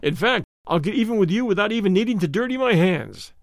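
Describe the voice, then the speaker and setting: A man's voice: high voice, expressive, fast talker, no echo, clean studio sound, voice pushed up. A man reading a story aloud, voicing a curt, swaggering young man who threatens his rival. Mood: menacing. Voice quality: curt, savage.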